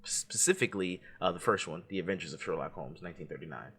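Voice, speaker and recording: A man's voice: deep voice, fast, fairly bright tone, husky. A man co-hosting a casual podcast, running a movie quote quiz with a playful, teasing manner. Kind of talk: casual chat.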